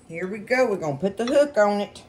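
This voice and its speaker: A woman's voice: medium pitch, animated, brisk, slight background noise. A woman hosting a casual home cooking demonstration in her kitchen, chatting folksily and calling her viewers y'all. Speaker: cooking show host.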